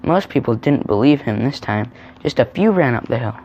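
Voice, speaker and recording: Storytime reader, male, gentle and chatty; muffled recording with faint hiss. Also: medium pitch, lively intonation, a little fast. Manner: gentle, chatty asides about the pictures. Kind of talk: reading a children's picture book aloud.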